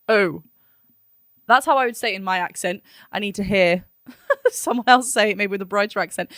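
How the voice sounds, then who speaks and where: A woman's voice: mid-range voice, normal speed, pauses often, fairly bright tone, dry recording, studio quality. A woman vocal coach talking through a song in a chatty, analytic way, now and then singing short vowel demos. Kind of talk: reaction and analysis talk.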